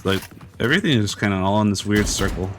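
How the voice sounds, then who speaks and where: Low-voiced young man rambling while gaming. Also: animated, fast talker, over music. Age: young adult. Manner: rambling, hesitant, many fillers. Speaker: streamer. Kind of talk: casual chat while gaming.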